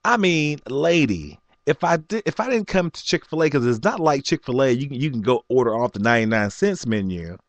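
A man in his forties telling a story in an animated rant, laughing often and jumping up high when he quotes people. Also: fairly quick, hardly any pauses, no echo. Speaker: vlogger.

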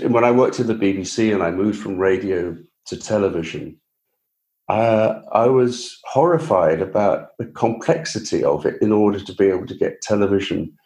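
A man's voice: on the low side, a little mellow. A man with a Received Pronunciation English accent, a guest author telling his story in a chatty, self-deprecating way during a casual interview. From England.

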